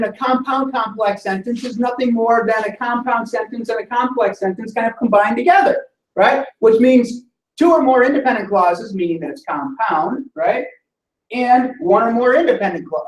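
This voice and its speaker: A man lectures on sentence structure, explaining patiently and tagging his points with quick questions to the class. His voice sits fairly high and sounds roomy, picked up from a distance in an echoing classroom. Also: lively intonation. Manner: explanatory, checks in with "right?" often. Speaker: instructor.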